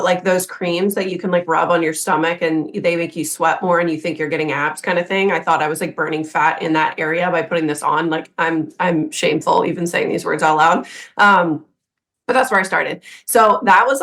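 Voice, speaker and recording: A woman in her thirties talks casually on a podcast, candid and quick to poke fun at her younger self. Her voice sits a little low, and she acts out her past thoughts in quoted asides. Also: fairly bright tone. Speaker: podcast co-host.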